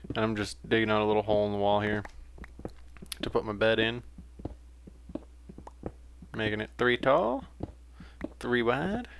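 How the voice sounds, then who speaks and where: A man's voice: lowish voice, a little slow, gravelly, pauses often, a little hiss or hum. A young man giving casual, rambling commentary while playing a game, with frequent fillers and self-corrections. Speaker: let's play gamer.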